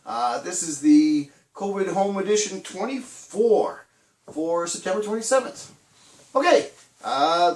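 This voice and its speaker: A middle-aged man giving a chatty, animated children's church talk, acting out little voices and laughing as he tells stories. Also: fairly high pitch, roomy sound, far from the mic.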